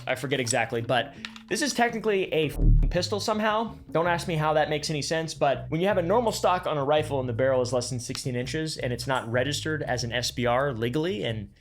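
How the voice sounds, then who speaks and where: Sarcastic man narrating over faint music. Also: a little high. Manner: sarcastic, crude joking asides. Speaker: YouTube host. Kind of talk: casual explainer narration.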